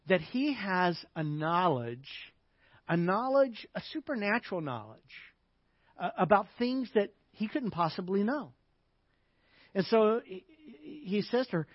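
A man's voice: sits high, husky, no echo. A male pastor preaching a sermon in a conversational way, often checking in with his listeners. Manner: conversational, frequent "okay?" check-ins. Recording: slightly dull, dry sound.

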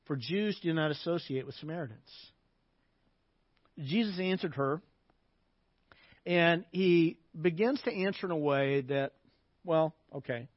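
Male pastor, fairly high voice, conversational sermon with frequent check-ins; dry, slightly dull recording. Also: measured pace, pauses often, no room sound.

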